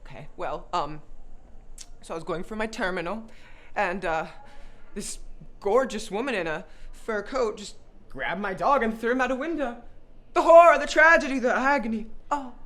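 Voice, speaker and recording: A woman's voice: medium pitch, lively intonation, moderate pace, pauses often, lightly acted. A woman playing a flamboyant, theatrical older woman in a live comedy sketch, wailing and laughing through her lines. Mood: rambling testimony. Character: flamboyant dramatic old woman in grief.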